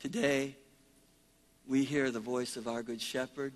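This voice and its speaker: A pastor with a mid-range voice and level tone preaches a sermon a little slowly, leading his congregation in call-and-response. He swings between shouted praise and quiet prayer.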